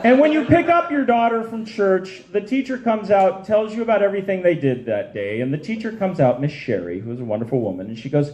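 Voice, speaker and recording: A man's voice: sits high, big pitch swings, quick pace, few pauses, darkish tone. A man in his forties doing a stand-up comedy set on stage, with punchy, self-mocking delivery. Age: 40s. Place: comedy stage before a live audience.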